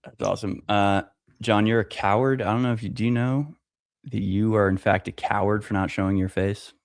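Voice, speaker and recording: Gravelly low-voiced man, dry sarcasm. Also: steady tone, fairly quick, no echo. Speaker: podcast co-host. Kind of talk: casual chat.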